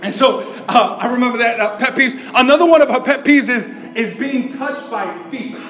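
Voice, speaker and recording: A man preaching to a congregation as pastor, lively and joking, calling out for the crowd to respond. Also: very high-pitched, moderate pace. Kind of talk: sermon with humorous stories. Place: church service. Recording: echoey room with music behind.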